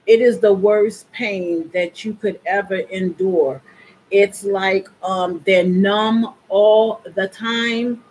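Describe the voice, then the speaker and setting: Slow-talking woman vlogger. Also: mid-range voice, steady tone, darkish tone, a little hiss or hum, poor audio. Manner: chatty, addresses viewers directly. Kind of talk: casual vlog chat.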